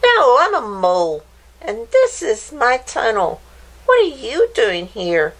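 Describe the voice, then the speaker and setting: A woman's voice: fairly high pitch, wildly swooping pitch, slow pace, pitched above the performer's own voice, exaggerated voice, poor audio. A woman voicing a helpful male mole in a children's story, puzzled and matter-of-fact.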